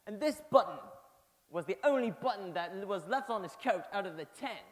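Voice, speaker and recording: A man's voice: high voice, expressive, fairly quick. A young man playing a proud, stubborn boy who boasts about his soldier father. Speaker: stage actor. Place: church stage. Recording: reverberant hall.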